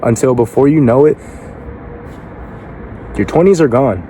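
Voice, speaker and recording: This motivational speaker takes a blunt, in-your-face approach, swearing and hurling rhetorical questions at the listener. His mid-range voice has a dark tone and a somewhat slow delivery, over a faint hiss or hum.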